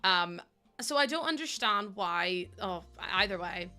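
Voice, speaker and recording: A young woman streaming a game, chatting quickly with her viewers while feeling a bit run down. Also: medium pitch, expressive, bright, forceful tone, soft background music. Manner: fast-talking, chatty. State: under the weather, a bit run down. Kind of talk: casual live-stream chat while playing a game.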